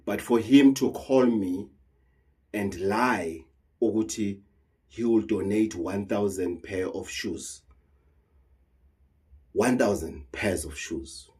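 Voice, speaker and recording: Husky low-voiced South African man. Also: slow pace, pauses often, warm tone. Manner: heated and earnest, repeats words, mixes in Zulu phrases. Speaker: traditional healer. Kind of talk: emotional monologue to camera.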